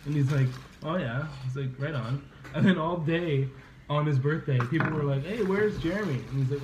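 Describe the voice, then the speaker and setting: A man's voice: on the high side, moderate pace, echoey room, noisy background. A young man hosting a podcast, telling a rambling story in casual chat, laughing and swearing as he goes. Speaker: podcast host. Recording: slightly dull lo-fi podcast audio, faint ambience.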